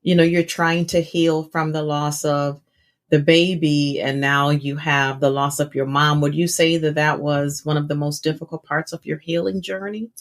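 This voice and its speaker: A woman hosting an interview, listening supportively and asking gentle questions. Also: low voice, flat delivery, normal speed. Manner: supportive, frequent soft affirmations. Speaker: podcast host. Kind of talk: interview conversation.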